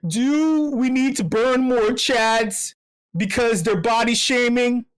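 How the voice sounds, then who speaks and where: A very high-pitched man takes his time, speaking smoothly as he hosts an online meetup. It's casual livestream chatter: rambling, profane, comedic rants that stop, restart, and repeat words.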